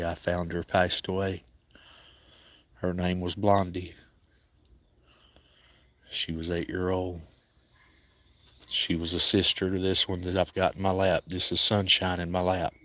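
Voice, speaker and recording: A man with an Appalachian accent, hosting a casual livestream outdoors and speaking softly to viewers by name. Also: low-pitched, monotone, measured pace, pauses often. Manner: soft-spoken, grieving, talks to viewers by name. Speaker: cat sanctuary livestream host.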